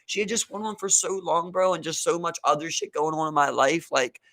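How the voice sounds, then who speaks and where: A man's voice: on the high side, brisk, pushed and bright. A young man co-hosting a podcast, telling a profane story in casual chat and leaning heavily on "like" and "bro.". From Maryland. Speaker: podcast co-host.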